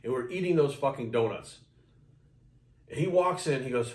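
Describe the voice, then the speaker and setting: A man's voice: medium pitch, expressive, normal speed, darkish tone. A man who coaches fitness, ranting to camera in a blunt, passionate way and swearing constantly. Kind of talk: ranting vlog monologue. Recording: roomy sound, mic at a distance.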